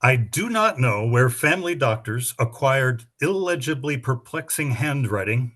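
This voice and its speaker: A middle-aged man running a spelling bee, his voice sitting at an ordinary middle pitch. He explains the rules at length and reads out each word with a sample sentence. His manner is chatty and explanatory, with dry humor. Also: lively intonation, unhurried, a bit bright. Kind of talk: reading rules and practice words to teams.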